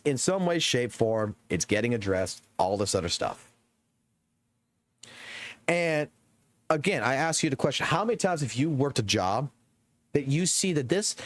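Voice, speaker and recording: Excitable, swearing man. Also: a little high, no room sound. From Southern United States. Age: 30s. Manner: excitable, heavily profane ranting. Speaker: game streamer. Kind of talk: live-stream rant to chat.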